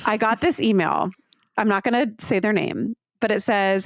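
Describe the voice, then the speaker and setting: A woman's voice: medium pitch, moderate pace, dry recording, clean studio sound. A woman co-hosting a podcast, telling stories in casual chat with lots of "like" fillers. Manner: chatty storyteller, many "like" fillers. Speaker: podcast co-host.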